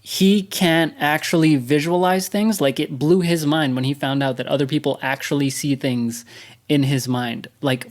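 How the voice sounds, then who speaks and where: Man explaining research findings casually. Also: mid-range voice. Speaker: podcast co-host presenting research. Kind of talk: casual chat.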